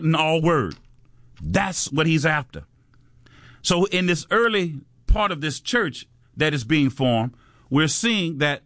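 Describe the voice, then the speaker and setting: A man's voice: on the high side, a bit bright, no echo. Fervent preaching man, dry close sound. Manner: fervent, repetitive call-and-response exhortation. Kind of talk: sermon.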